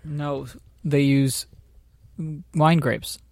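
A man's voice: on the high side, level tone, drawn-out words, creaky, a little mellow, no echo. A man in casual chat, explaining things in a loose, rambling way. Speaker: co-host.

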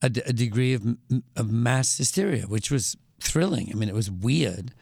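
Gravelly older English man, dry close sound. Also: medium pitch, lively intonation, darkish tone, no room sound. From England. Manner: measured, wry anecdotes with frequent restarts. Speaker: guest, author and musician. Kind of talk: conversational storytelling interview.

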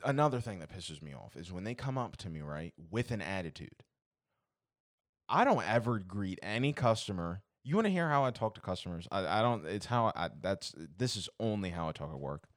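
A man's voice: deep voice, big pitch swings, fairly quick, dry recording, studio quality. A young man co-hosting a podcast, ranting in an exasperated, profane way in casual chat. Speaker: podcast co-host.

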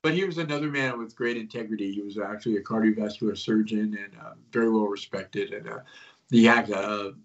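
A man's voice: fairly low pitch, fairly quick, creaky, highs cut off. A man telling stories as a guest in a casual interview, rambling and conspiratorial, with many fillers. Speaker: guest, host of his own show.

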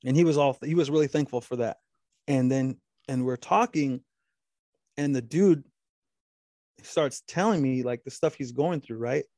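A man tells a long, rambling story in casual chat, swearing often, restarting his sentences, and quoting the other man at length in a low voice. His voice is mellow, his pace moderate, and he pauses often. The recording is dry and studio quality.

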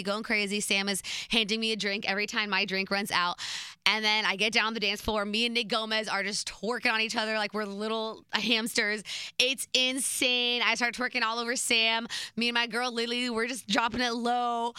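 Bright, chatty young woman telling a story. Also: fairly high pitch, smooth, no echo. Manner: chatty, animated, laughs between beats. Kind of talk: casual storytime.

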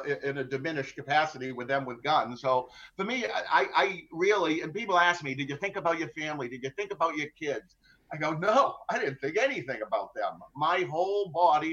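His fairly high pitch carries a sharp tone as the middle-aged ship captain describes being held hostage, deadpan and straightforward, stumbling through fillers and restarts. This conversational storytelling interview is recorded in dull lo-fi.

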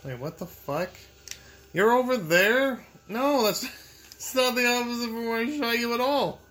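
A man's voice: extremely high pitch, a little slow, fairly bright tone. A young man commentating his gameplay, frustrated, swearing and talking back at the game. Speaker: gamer.

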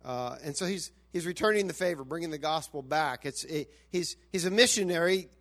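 A man's voice: on the high side, brisk, a bit bright. A man, the church's pastor, earnestly introducing a guest speaker to the congregation, often restarting his sentences.

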